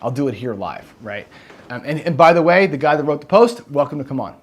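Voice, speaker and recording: A man's voice: fairly high pitch, animated, fairly quick. A man hosting a casual livestream, rambling and asking "right?" after nearly every sentence, and swearing when he gets heated. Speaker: host.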